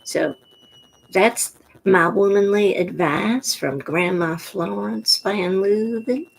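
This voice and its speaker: A woman from the New York Pocono area with a gruff voice, rambling frankly in a casual monologue to the camera. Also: on the low side, takes it slowly, rough recording. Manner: chatty, digressive, frank. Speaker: vlogger.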